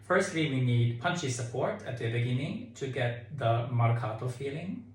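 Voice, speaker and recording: A man leading a choir tutorial, calmly explaining diction and sometimes singing phrases to show them. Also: mid-range voice, normal speed. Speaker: choir director. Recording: echoey room with keyboard.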